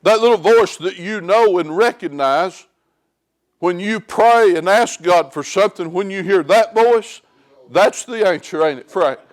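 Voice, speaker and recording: A man's voice: sits high, a little slow. A man preaching a sermon in a church, plain-spoken and folksy, telling homespun stories. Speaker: lay preacher. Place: church sanctuary.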